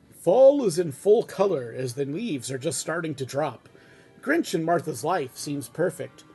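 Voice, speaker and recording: A man reading a fan script aloud at home, in a relaxed, chatty way with casual asides. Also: fairly high pitch, breathy edge. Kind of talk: casual read-aloud narration.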